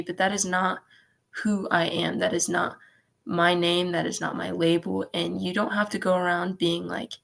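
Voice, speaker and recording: A woman's voice: on the low side, level tone, moderate pace, vocal fry, fairly bright tone. A teenage girl talking earnestly in an interview, with many "like" fillers. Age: teens. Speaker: guest. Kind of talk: casual interview talk.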